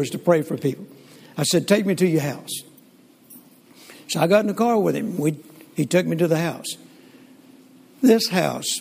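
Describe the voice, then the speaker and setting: An older man, telling stories in a folksy, animated sermon with frequent restarts. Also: high-pitched, creaky, slightly rough. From Southern United States. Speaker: preacher. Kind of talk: sermon storytelling. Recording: long hall reverb.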